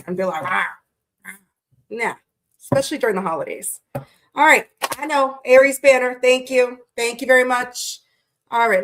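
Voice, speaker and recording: Hosting a tarot livestream, a woman keeps things casual with her audience, saying hello to viewers by name and swearing freely. Her voice is on the high side with a fairly bright tone.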